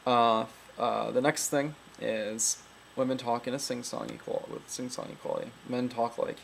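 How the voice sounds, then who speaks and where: A woman's voice: very deep voice, fairly even intonation, normal speed, vocal fry, slight background noise, rough recording. A woman giving a casual, rambling voice tutorial, full of fillers and frequent laughs. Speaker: voice coach.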